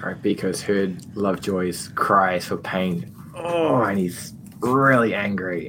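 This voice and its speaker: Low-voiced guy playing a rogue in a tabletop game, really animated, noisy background. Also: slow pace. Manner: animated, jumping into squeaky bits for his character. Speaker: player. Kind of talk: casual tabletop play.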